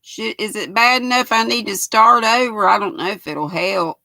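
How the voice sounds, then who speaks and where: Older woman in her sixties, Southern US accent, raspy, folksy livestream chatter, bright tone, dry close sound. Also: mid-range voice, normal speed, dry recording. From United States. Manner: chatty, folksy, reads viewer comments aloud. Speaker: knitting livestream host. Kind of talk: casual livestream chat. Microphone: built-in laptop mic.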